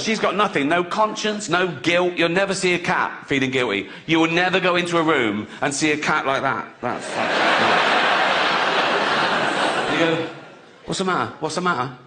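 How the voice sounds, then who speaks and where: A middle-aged man doing a stand-up routine, crude and mocking, acting out silly voices. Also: a little high. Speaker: stand-up comedian. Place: stage before a live audience. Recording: loud background noise from a live crowd. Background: loud audience laughter.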